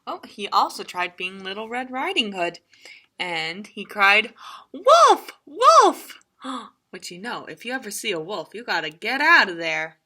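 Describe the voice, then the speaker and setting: A children's librarian reading a picture book aloud, playful and animated, with laughing asides. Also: female voice, mid-range voice, moderate pace.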